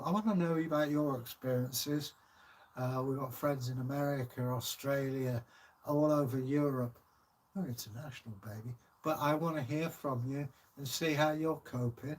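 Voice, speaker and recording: Older southern English man, husky voice. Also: a little high. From Kent, England. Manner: rambling, unhurried, many hesitations. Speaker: channel host and storyteller. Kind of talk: casual livestream chat.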